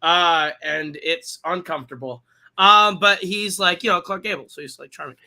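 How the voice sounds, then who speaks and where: A male podcast host with a piercing, very bright voice, pitched a bit high, tearing through a film recap. His delivery is casual, irreverent and full of profanity. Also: moderate pace, gravelly. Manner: profane, irreverent, animated storytelling. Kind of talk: casual comedic plot recap.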